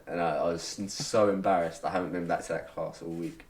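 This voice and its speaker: A man's voice: low-pitched, fairly even intonation, moderate pace, a little hiss or hum. A young man, co-hosting a podcast and telling a long story in casual, sweary chat. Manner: rambling storytelling, heavy swearing, frequent laughter. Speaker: podcast co-host.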